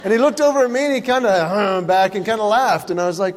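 A middle-aged man doing a stand-up comedy routine, telling stories in a playful, animated way on a stage in a large hall. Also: sits high, fast talker, a faint crowd.

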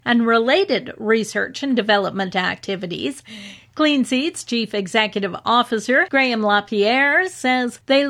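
A woman reading scripted farm news as a radio anchor, in a measured, even delivery. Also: fairly high pitch.

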